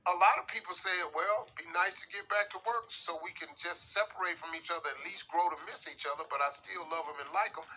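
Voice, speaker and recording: A man hosting a radio show, giving comedic commentary on a listener's letter in an animated, drawling way full of playful slang. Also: high voice, a little fast, few pauses, a little hiss or hum, poor audio.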